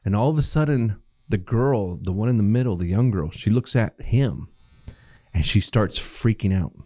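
A man with a low, mellow voice rambles through a casual podcast chat, swearing freely as he retells scenes. The sound is dry and close. He talks in loose, run-on stretches. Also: expressive, normal speed, no room sound. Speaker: podcast co-host.

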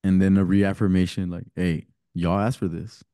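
A man chimes in on a casual podcast with quick reactions and curious follow-up questions. His voice is very low-pitched. The sound is dry and close to the mic. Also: level tone, dark tone, smooth, dry recording. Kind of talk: casual chat.

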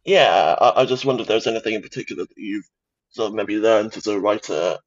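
Podcast host, low husky voice, muffled lo-fi mic, hesitant questions. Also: male voice, fast. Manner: hesitant, restarts his questions. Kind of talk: interview questions. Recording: dull lo-fi sound.

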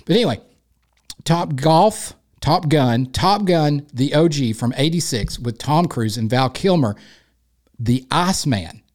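A man with an East Tennessee accent talks solo on his sports podcast. He rambles and jokes and pokes fun at himself in an easy, casual monologue. His voice sits a little high for a man. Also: animated, a little slow, darkish tone. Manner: rambling, jokey, self-deprecating. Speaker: podcast host.

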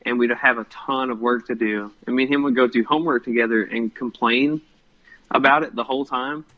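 A man's voice: mid-range voice, steady tone, fairly quick, narrow, tinny audio. A young man co-hosting a podcast in casual chat, rambling and hesitant with lots of ums. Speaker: podcast co-host.

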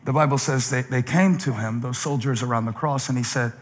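A male pastor preaching a sermon, telling funny stories and swinging from loud exclamations down to hushed lows. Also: a little fast, long reverb tail. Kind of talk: sermon with humorous storytelling.

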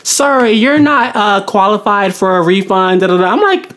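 A young woman, a podcast co-host in casual chat, telling animated stories, acting out quotes and laughing often. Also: medium pitch, normal speed. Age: young adult.

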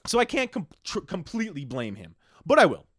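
A man, hosting a casual solo podcast and ranting profanely, swinging between loud outbursts and hushed asides. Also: sits high, huge pitch swings, a little fast, slightly rough, no room sound, studio quality. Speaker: podcast host.

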